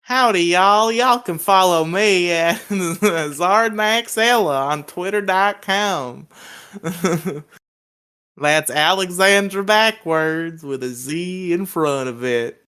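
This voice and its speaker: A man putting on a drawn-out Southern US drawl to parody a woman friend in a teasing way. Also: high voice, bright, forceful tone, clean tone, full character voice. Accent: mock Southern US drawl.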